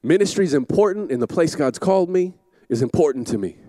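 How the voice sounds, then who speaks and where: Campus pastor, man, middle-aged; high voice, lively swinging delivery, shouts in his stories. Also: fast, no room sound. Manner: animated storytelling with shouted asides. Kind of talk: sermon. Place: church auditorium.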